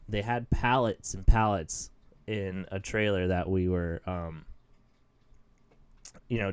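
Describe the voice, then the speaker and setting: A young podcast host with a lowish, clean-toned voice delivers a casual ranting monologue. He rambles with lots of fillers and throws in self-mocking asides.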